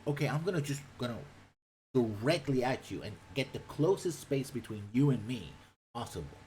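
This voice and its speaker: Animated rambling Puerto Rican streamer man. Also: mid-range voice, slight background noise, low-quality recording. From Puerto Rico. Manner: rambling, animated, swears freely. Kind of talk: casual chat.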